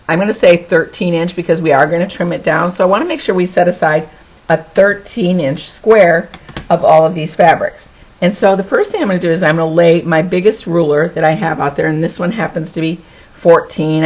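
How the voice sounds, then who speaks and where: Chatty woman demonstrating quilting. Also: on the low side. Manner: chatty, talks through each step, repeats words for emphasis. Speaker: quilting instructor. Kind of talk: hands-on sewing demonstration. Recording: dull lo-fi recording.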